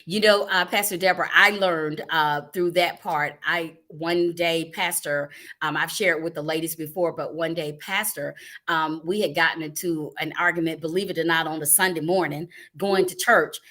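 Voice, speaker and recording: A middle-aged woman hosting a live online church talk show, telling stories in a lively, animated way. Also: deep voice, moderate pace. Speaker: ministry host.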